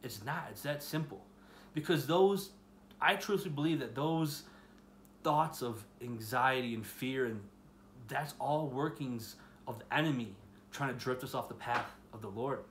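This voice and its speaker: A man's voice: mid-range voice, a little slow. Young guy, earnest and chatty, talking to students about faith, faint hiss behind him. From Chicago area, US. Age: 20s. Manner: earnest, chatty, full of "you know" and "like". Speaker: youth ministry speaker. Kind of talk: casual devotional talk to students.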